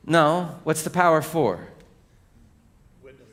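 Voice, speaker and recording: A man's voice: fairly high pitch, slow, a bit bright. A male pastor giving a sermon in a conversational, joking storytelling manner, leading the congregation through scripture. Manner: leads the congregation in reading scripture.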